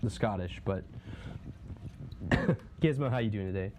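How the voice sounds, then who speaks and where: A young man, chatting casually with his viewers during a livestream while he paints, breaking into loud excited bursts now and then. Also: on the low side, a little slow. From Texas. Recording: steady background noise.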